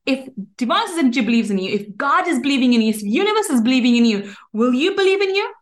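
A woman's voice: sits high, very animated, quick pace. A woman hosting a podcast, giving an earnest motivational monologue with many restarts and fillers. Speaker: podcast host.

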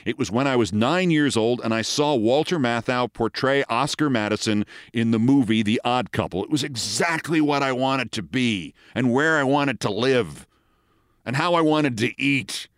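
A man in his sixties from the Bronx, with no regional accent, telling a scripted story as a host in a wry, deliberate manner. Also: medium pitch, dry recording, studio quality. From the Bronx, New York. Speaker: host, commentator.

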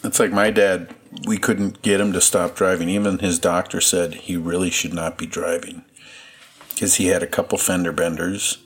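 A man's voice: low voice, level tone, moderate pace, breathy edge. A man co-hosting a podcast in casual chat, teasing and amused. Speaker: podcast co-host.

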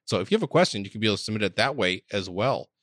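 Lively podcast host man, dry close sound. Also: fairly low pitch, very fast, no room sound. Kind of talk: show sign-off.

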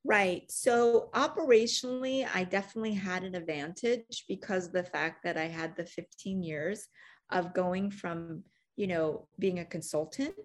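A middle-aged woman, an agency CEO, telling stories in an interview, animated and full of fillers, acting out quoted lines. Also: on the low side, normal speed. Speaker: agency CEO, podcast guest. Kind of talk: conversational interview storytelling.

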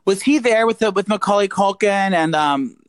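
A man co-hosting a podcast, chatting crudely and excitably about celebrity gossip. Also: high-pitched, moderate pace, no room sound, rough recording. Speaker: podcast co-host. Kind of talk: casual gossip chat.

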